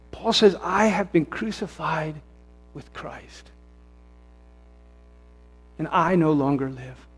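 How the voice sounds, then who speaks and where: A man pastor preaching a sermon in a church, conversational and self-correcting, rising to fervent emphasis. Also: on the high side. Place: church sanctuary. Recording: long hall reverb.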